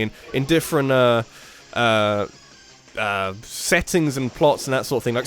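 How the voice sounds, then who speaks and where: A man rambling through gameplay commentary, thinking aloud and giving opinions. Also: on the high side. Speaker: let's play commentator.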